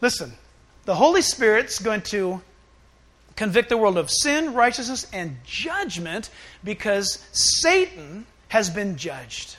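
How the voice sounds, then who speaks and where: A man preaching a sermon, animated, acting out little scenes and swinging between loud outbursts and hushed asides. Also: sits high, takes it slowly. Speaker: pastor.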